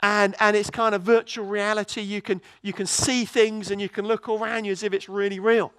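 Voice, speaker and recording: A man preaching a sermon in a church, telling a story in a lively way with many restarts. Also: sits high, fairly quick, clear, resonant tone, no room sound.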